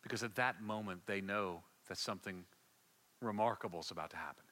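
A man preaching a sermon, telling a story with passion and swinging from hushed to loud, often repeating words as he builds. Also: fairly low pitch, fairly quick.

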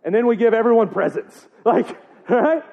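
A man's voice: extremely high pitch, lively intonation, moderate pace, gravelly. A man preaching in a casual, joking way, often asking the congregation rhetorical questions. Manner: joking, chatty, asks the crowd rhetorical questions. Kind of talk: casual sermon. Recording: tinny phone-like sound.

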